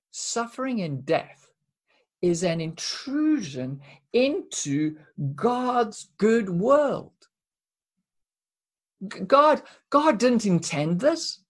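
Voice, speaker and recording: Woman preacher, sermon delivery, emphatic with pauses, slow pace. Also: a little high. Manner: earnest, emphatic, with dramatic pauses and repeated words.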